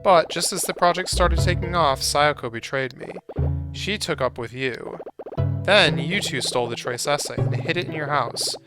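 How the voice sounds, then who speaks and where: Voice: medium pitch, normal speed, natural voice. Bill, a streamer voicing a bitter villain. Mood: bitter confession. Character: bitter middle-aged male scientist villain. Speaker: streamer reading game dialogue. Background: game music.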